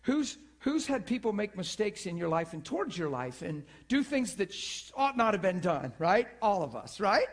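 High-voiced animated male preacher. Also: normal speed, hardly any pauses. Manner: animated, repetitive, checks in with the audience. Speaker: preacher teaching a church school class. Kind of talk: sermon.

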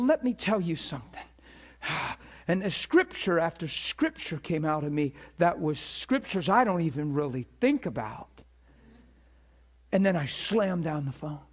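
A man preaching to a ministry school, telling a story with emphatic, animated delivery and acted-out dialogue. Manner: animated, emphatic, acts out dialogue with rising pitch. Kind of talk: sermon storytelling.

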